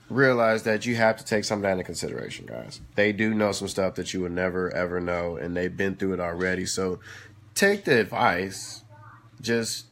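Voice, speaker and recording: Animated man hosting a casual live chat. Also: on the low side. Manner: animated storytelling, talks back to viewers. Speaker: live-stream host. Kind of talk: casual live-stream chat, reading viewer comments. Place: at home.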